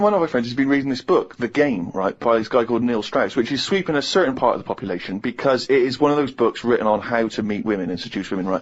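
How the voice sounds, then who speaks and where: A man in his thirties, co-hosting a radio show and telling a funny story, acting out other people's lines and laughing as he talks. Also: mid-range voice. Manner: animated anecdote-telling, acts out others' lines, laughs mid-sentence. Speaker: radio co-host. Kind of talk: casual radio chat, storytelling. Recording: slightly muffled radio recording.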